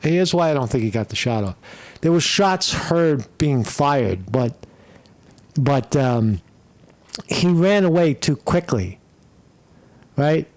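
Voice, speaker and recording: A man's voice: mid-range voice, lively intonation, takes it slowly, pauses often, darkish tone. A man commenting on a live stream, rambling and cursing, stopping often to ask "right?" and reading out viewer questions. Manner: rambling, profane, keeps asking "right?".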